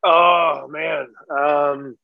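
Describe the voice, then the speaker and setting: A man's voice: fairly high pitch, steady tone, extremely slow, gravelly, no echo. A man in his thirties hosting a podcast, laid-back and swearing casually, calling people "dude.". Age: 30s. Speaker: podcast host. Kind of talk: casual chat. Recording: dry, dull lo-fi sound.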